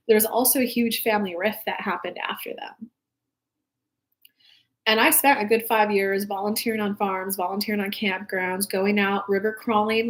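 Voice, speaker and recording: A woman's voice: medium pitch, fairly bright tone. A young adult woman hosting a live spiritual talk show, speaking casually and from the heart, rambling with lots of "like".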